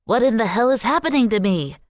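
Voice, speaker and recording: Squeaky helium-voiced little dog, furious and helpless, as a woman puts him on. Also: expressive, fast, dry recording, clean studio sound, lightly acted. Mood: frantic. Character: small dog, once a mafia man, furious and helpless.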